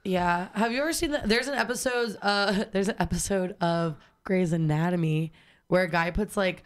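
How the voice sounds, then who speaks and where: A woman's voice: on the low side, normal speed, slight background noise. A woman co-hosting a podcast, chatting casually and crudely, telling stories full of swearing. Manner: loud, profane, storytelling. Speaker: podcast co-host.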